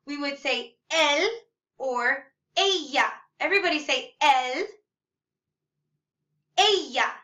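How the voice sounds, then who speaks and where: A high, bright-toned woman leads a video lesson at an unhurried pace. She models each word slowly with a sing-song lift and cheers the class on with frequent praise. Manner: slow, exaggerated, sing-song modeling of words; encouraging, praises often. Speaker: Spanish teacher. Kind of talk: video lesson, call-and-repeat drills.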